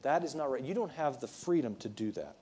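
A man's voice: medium pitch, lively intonation, brisk, mellow, breathy edge. A man voicing an indignant male prophet who protests and complains in a raised, exasperated voice. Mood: protesting.

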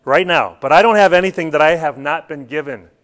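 A man's voice: on the high side, fairly quick, a bit bright. A man teaching a church Bible class, talking earnestly and putting questions to his students.

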